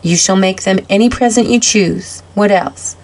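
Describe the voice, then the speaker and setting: A jolly old Santa Claus, kindly and brisk, giving orders in a hearty storybook voice, as a woman reads him. His lines climb high and bright when he calls out, with a cheerful bustle. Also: close to an everyday voice.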